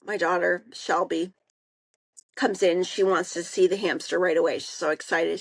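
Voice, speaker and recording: A woman, co-hosting a podcast and telling a casual story in an animated way, acting out the people she quotes. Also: fairly low pitch, normal speed, creaky, husky, no echo, poor audio. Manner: animated, acts out quoted voices. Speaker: podcast co-host.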